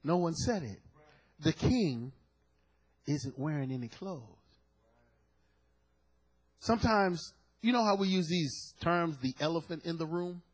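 A man preaching a sermon, moving between quiet, low asides and loud, shouted peaks. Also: lively intonation, a little slow, pauses often, poor audio.

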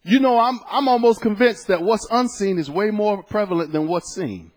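Telling a story from his own life during a sermon, this pastor shifts between loud outbursts and quiet, hushed narration. He speaks at normal speed in a high-pitched voice.

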